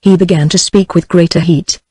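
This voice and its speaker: A text-to-speech female voice with a British English accent, reading a novel aloud in an even, steady delivery. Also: lowish voice, normal speed, husky, no echo, rough recording. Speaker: audiobook narrator. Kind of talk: synthetic audiobook narration.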